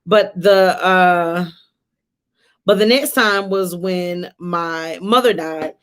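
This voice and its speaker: A woman, telling a personal story on a live stream in a conversational, animated way and talking to viewers as y'all. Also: lowish voice, takes it slowly, clear, resonant tone. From Atlanta area, US. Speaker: livestream host. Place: home, during a rainstorm.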